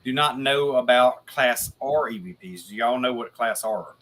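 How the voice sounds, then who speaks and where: A man's voice: medium pitch, moderate pace, fairly bright tone. A man who is a guest paranormal investigator, talking casually on a video podcast and rambling with lots of restarts and casual swearing.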